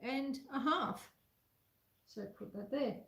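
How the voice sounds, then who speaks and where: Aussie lady baking on a live stream, chatty and laughing at herself, talks slow, echoey kitchen. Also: high voice, heavy background noise. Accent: Australian. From Australia. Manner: chatty, self-deprecating, reads chat aloud while cooking. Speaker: homestead vlogger hosting a live stream. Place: home kitchen.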